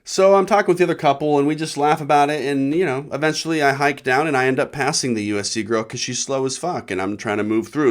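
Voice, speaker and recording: Comedian guy from nebraska ranting a story, swears a lot, voice jumps all over, kinda high. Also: quick pace, few pauses. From Nebraska, USA. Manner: profane, animated storytelling. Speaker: comedian podcast host. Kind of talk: rambling comedic monologue.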